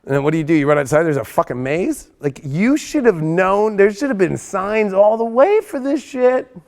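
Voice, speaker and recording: An astrology show host, a man with a fairly high, gravelly voice, runs through the week's forecast at a normal speed. He's excitable and curses freely, lurching from loud, hyped-up bursts into quiet, earnest passages.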